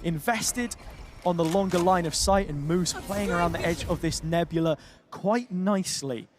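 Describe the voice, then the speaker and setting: A man doing fast play-by-play commentary on an esports match, his voice climbing on big plays. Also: high voice, background noise. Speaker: esports caster.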